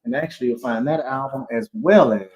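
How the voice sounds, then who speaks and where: A man's voice: mid-range voice, brisk, a little mellow, highs cut off. A man, a guest singer chatting easily about his music in a studio interview. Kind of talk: casual interview talk.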